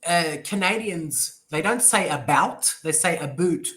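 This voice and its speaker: A man's voice: fairly high pitch, animated, a little slow, pushed and bright. A man teaching English over a video call, playful and encouraging, joking as he coaches pronunciation. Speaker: English tutor. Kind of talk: casual online lesson.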